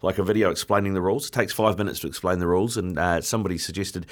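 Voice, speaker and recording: Easygoing New host reading out odds. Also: male voice, low voice, fairly even intonation, racing. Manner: easygoing, reads out odds, says "mate" a lot. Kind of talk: casual sports-betting chat.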